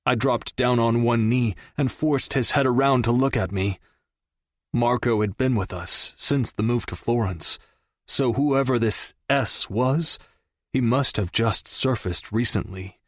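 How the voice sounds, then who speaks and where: A man narrating a first-person crime story in a measured, dramatic storytelling manner. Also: medium pitch, dry recording, clean studio sound. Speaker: audiobook narrator.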